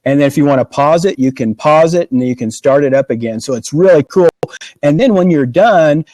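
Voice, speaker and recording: Male host, upbeat and explanatory, mellow tone, dry sound. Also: on the high side, expressive, fairly quick, no echo, low-quality recording. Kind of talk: casual video chat.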